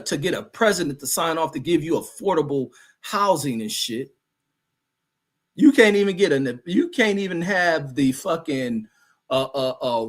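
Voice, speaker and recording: A man hosting a livestream, reading chat comments aloud and answering them in a heated, profane rant full of fillers. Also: fairly high pitch.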